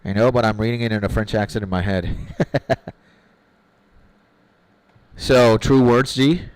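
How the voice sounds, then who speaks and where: A man's voice: on the low side, unhurried, darkish tone, smooth, no room sound, low-quality recording. A man streaming a game, chatting casually with his viewers, opinionated and swearing freely, often repeating himself as he gathers his thoughts. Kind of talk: casual live-stream chat, answering viewers.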